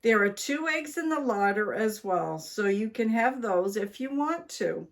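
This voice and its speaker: Woman reading a brisk, firm older wife; slow, commanding delivery. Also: mid-range voice, animated. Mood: instructing. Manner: firm, instructing.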